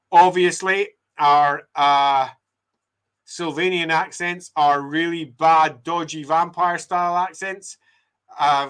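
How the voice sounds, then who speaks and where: A man's voice: on the high side, pushed and bright, clear, resonant tone. A Scottish man chatting casually as he maps a game city, reading viewer comments and joking about how bad he is at accents. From Scotland. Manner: chatty and self-deprecating, laughs often. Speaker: game writer and streamer.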